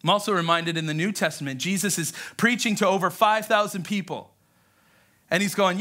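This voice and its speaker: A man pastor preaching a lively sermon, telling stories and acting out the voices in them. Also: sits high, fairly quick.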